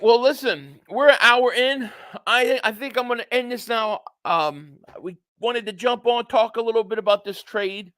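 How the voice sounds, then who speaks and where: A young man hosting a casual livestream, excitable and rambling, with lots of fillers. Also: high-pitched, no room sound. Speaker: sports streamer.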